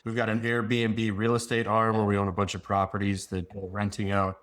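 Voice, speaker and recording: A man's voice: on the low side, completely flat delivery, fairly quick, a bit bright. Confident man giving business advice. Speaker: business founder and guest. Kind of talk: casual podcast conversation.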